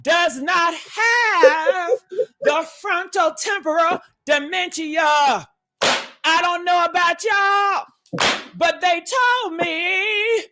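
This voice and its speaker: A woman giving livestream commentary, loud and exclamatory with frequent whoops, calling her listeners honey and baby. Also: very high-pitched, noisy background. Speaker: streamer and commentator.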